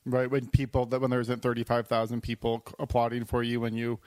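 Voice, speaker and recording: A man's voice: mid-range voice, monotone, quick pace, darkish tone, dry recording. Laid-back guy cohost, wry, dry close mic. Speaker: podcast co-host. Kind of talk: casual chat.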